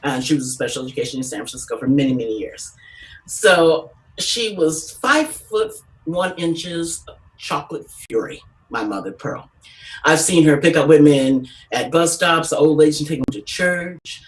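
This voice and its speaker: A woman doing a stand-up comedy set, telling brash, profane stories in an animated way. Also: deep voice, moderate pace, recorded from a distance, low-quality recording.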